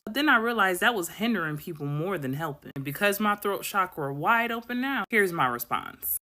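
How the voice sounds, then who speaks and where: Low, bright-toned sassy woman. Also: animated, fairly quick, few pauses. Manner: sassy, preachy, slangy. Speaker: vlogger. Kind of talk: blunt motivational monologue.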